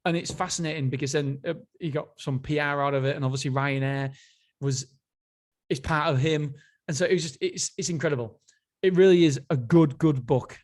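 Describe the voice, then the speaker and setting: A man's voice: fairly high pitch, brisk, a little mellow. A man hosting a casual solo book review, enthusiastic and rambling, often restarting his sentences. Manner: enthusiastic, rambling, self-interrupting. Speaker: podcast host.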